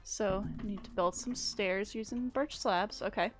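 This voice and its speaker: A woman's voice: medium pitch, unhurried, faint music behind. A young woman live-streaming a building game, chatting casually and thanking viewers in a gushing, rambling way. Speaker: livestreamer.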